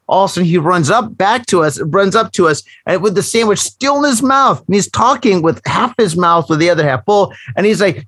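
A male podcast host telling a profane story in a casual chat, animated and full of "right?" asides. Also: high-pitched, brisk, hardly any pauses, no room sound.

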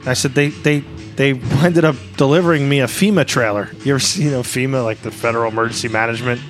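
A man co-hosting a casual podcast from a pub booth, rambling through stories and quoting people in animated voices. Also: mid-range voice, fast, soft background music. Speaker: podcast co-host. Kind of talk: casual chat.

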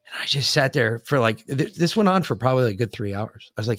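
A man co-hosting a podcast in casual talk, grieving, speaking in halting, emotional bursts with lots of profanity and restarts. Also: medium pitch, expressive, a bit bright, no echo. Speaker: podcast co-host.

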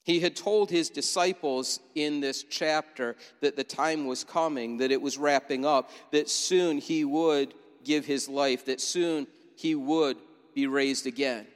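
A man's voice: on the high side, unhurried, big-room sound. A man preaching as pastor, telling a scene vividly and asking listeners to imagine it. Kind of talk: sermon. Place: church sanctuary.

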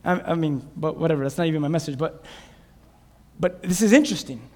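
A man preaching a sermon as pastor to a church congregation on a clip-on mic, animated and dramatic, often quizzing the listeners. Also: a little high, fairly quick. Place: church sanctuary. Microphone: clip-on lapel mic. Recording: reverberant church hall.

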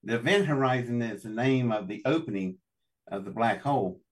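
An older man from West Virginia, USA, appears as a guest in an interview, spinning long folksy stories with chuckles. His medium-pitched voice is brisk and sounds far from the mic.

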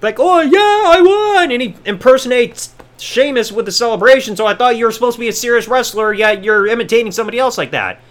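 A man's voice: high-pitched, fast, fairly bright tone. A man hosting a review podcast, sarcastic and profane, rambling through his recap. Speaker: podcast host.

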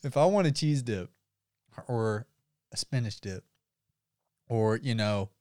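A young man trading jokes on a casual podcast, his voice swinging up and down with lively inflection. He curses freely and sounds a little tipsy. The sound is smooth and dry, close to the mic. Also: mid-range voice, takes it slowly, no room sound. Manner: loose, joking, profane, says he has been drinking. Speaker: podcast co-host.

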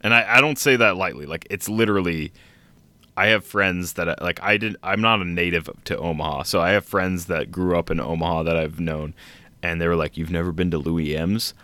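A man's voice: low-pitched, brisk, sharp tone, no room sound. A young man co-hosting a podcast, talking in a rambling, enthusiastic way. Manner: rambling, enthusiastic, lots of restarts. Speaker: podcast co-host. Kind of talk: casual chat.

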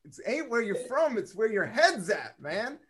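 A man's voice: sits high, sing-song, measured pace, crowd noise. A man hosting a casual podcast over a video call, upbeat and rambling, with a sing-song delivery. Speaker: podcast host.

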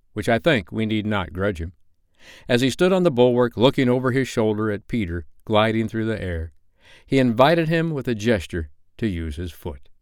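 A male storyteller reads a bedtime story in a measured, expressive way. His voice is low and smooth. The recording is close and dry. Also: no room sound.

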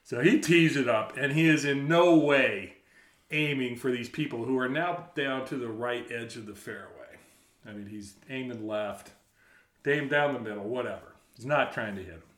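A man telling a story in casual chat, animated, laughing often and acting out the shouted quotes. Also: medium pitch, normal speed. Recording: roomy echo.

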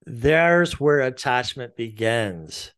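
A middle-aged man, a therapist, calmly explaining parenting and attachment, slow and deliberate, sometimes acting out gentle phrases. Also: mid-range voice. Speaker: therapist and podcast host. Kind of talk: calm explanatory talk.

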